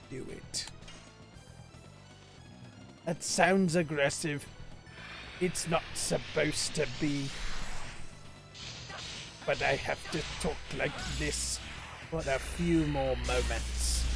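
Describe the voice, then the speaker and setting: A man playing an evil galactic emperor on a live game stream, drawling every word slowly in a hushed, low voice. His voice sits a little high for a man. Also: vocal fry. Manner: slow, low, hushed delivery.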